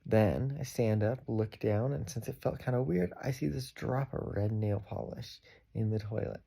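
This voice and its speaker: A young man with a gravelly, husky voice tells a rambling personal story in a loose, casual way. His tone is dark and mellow, and he keeps slipping into quick acted-out lines of what he thought and said. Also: on the low side. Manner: rambling, animated retelling with many quoted asides. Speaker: vlogger.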